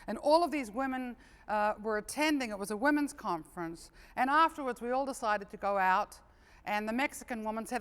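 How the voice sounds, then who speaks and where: Bright-voiced New woman comedian. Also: on the high side, brisk, smooth. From New Zealand. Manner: lively storyteller, chatty asides. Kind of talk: stand-up joke telling. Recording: long hall reverb, live stage.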